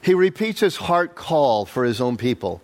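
A man preaching a conversational Bible-study sermon, quizzing the audience and voicing quotes with animated leaps. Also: normal speed. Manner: animated, jumps up in pitch for quotes. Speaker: pastor. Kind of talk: sermon, verse-by-verse Bible teaching.

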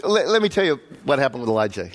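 Lively preacher man teaching scripture. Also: fast. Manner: conversational, quizzes the audience with asides; animated, jumps up in pitch for quotes. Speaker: pastor. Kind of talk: sermon, verse-by-verse Bible teaching.

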